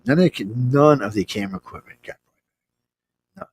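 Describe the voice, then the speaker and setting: A man spins a rambling story as a talk show guest. He talks bluntly, with a salty edge and frequent chuckles, at an ordinary middle pitch. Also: lively intonation, a little fast, slight background noise. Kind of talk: casual anecdotal storytelling.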